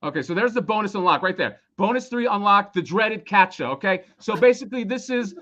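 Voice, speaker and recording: A man's voice: high voice, expressive, brisk, sharp tone. A man losing his voice, rambling casually and swearing a lot while explaining a toy on a live stream. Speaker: toy designer presenting a crowdfunding campaign.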